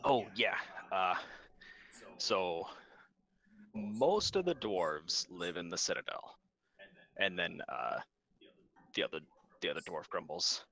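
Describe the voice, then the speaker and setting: Guy running a tabletop game, deep voice but bright, lots of uhs and ums. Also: expressive, slow, pauses often, low-quality recording. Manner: loose, filler-heavy description. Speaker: game master.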